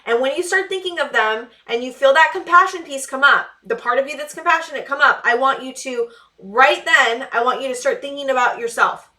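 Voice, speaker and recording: A woman reads tarot cards in a casual, heartfelt way. Her voice sits a little high and sounds bright. She pleads earnestly, doubles back on her words and leans on fillers. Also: brisk. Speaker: tarot reader. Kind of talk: casual tarot reading to camera.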